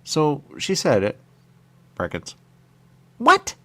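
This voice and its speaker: Radio host, male, gravelly low voice with lively swings, meandering chatter that circles back on itself. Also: normal speed. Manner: meandering, repeats catchphrases, acts out quoted voices. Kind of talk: rambling monologue.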